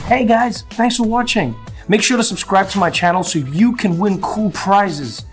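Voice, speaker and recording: A man's voice: sits high, normal speed, music in the background, lightly acted. A man speaking to viewers in a casual channel outro, teasing and mock-scolding them. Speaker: comedian addressing viewers.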